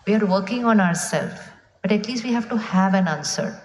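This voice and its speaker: A woman's voice: medium pitch, moderate pace. Woman speaking in an echoey hall. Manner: questions the audience and waits for answers. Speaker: spiritual speaker. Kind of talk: spiritual talk to a live audience. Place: large hall with an audience. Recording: echoey hall, faint room noise.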